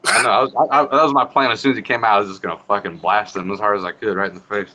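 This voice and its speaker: Brief: man, lowish but bright voice, laughs a lot, swears freely, slightly muffled recording. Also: very fast. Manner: laughs often, profane, relaxed recounting. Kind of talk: casual storytelling chat.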